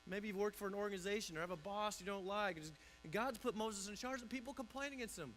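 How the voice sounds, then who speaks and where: A man's voice: high-pitched, fast talker, few pauses, fairly bright tone, soft background music, low-quality recording. A man pastor preaching a conversational sermon in a church, often restarting and repeating words.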